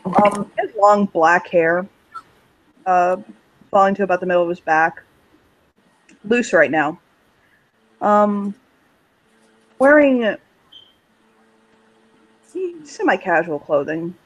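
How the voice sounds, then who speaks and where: A man running a tabletop game, narrating with a lot of hesitant fillers. His voice sits high for a man, and the recording sounds dull and lo-fi. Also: takes it slowly, long pauses, a little hiss or hum. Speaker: game master.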